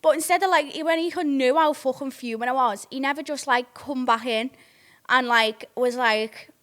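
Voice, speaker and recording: A woman in her twenties hosts a chatty podcast, her voice sitting a touch high. She rambles through an excitable, swear-filled story with plenty of filler words. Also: normal speed. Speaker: podcast host. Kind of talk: casual storytelling.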